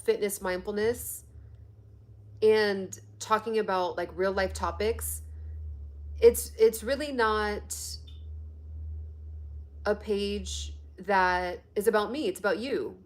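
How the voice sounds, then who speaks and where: A woman hosting a live stream on health and fitness, chatting casually and reading viewer comments aloud. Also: medium pitch. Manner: chatty, laughs often, reads comments aloud.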